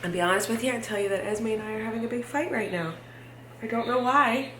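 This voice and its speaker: A woman's voice: fairly high pitch, quick pace, a bit bright, faint music behind. A woman in her thirties, a mother, talking candidly to camera in a casual family vlog, with many filler words. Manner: candid, chatty, lots of "like" fillers. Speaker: vlogger and mother.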